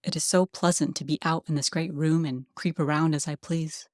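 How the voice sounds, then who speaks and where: An audiobook reader giving a calm, gentle, unhurried narration of a classic story. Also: mid-range voice, no room sound, clean studio sound.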